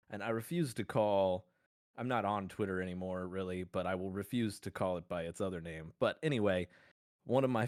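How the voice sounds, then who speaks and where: A podcast co-host with a lowish voice makes his case in a casual mock-courtroom argument, playful, rambling and mock-formal, laughing often. The recording is studio quality with no echo.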